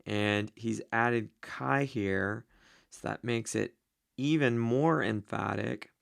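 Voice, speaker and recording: A man teaching the Greek grammar of a Bible passage, slow and deliberate, with many ums and uhs. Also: mid-range voice, creaky, fairly bright tone, no echo, studio quality.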